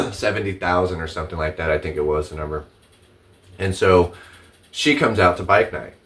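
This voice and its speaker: A man with a fairly low voice rants to camera about a feud, swearing freely and circling back over his points. He sits a little back from the microphone, so the sound is slightly distant. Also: moderate pace, a bit bright. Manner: profane, repeats himself, rising indignation. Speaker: vlogger telling his side of a dispute. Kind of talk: casual, heated storytelling to camera.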